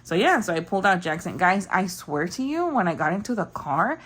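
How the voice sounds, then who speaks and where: A woman's voice: lowish voice, lively intonation, a little fast, fairly bright tone. A young woman telling a story in casual, rambling chat, full of fillers. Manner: chatty, rambling, lots of fillers. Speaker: budgeting vlogger.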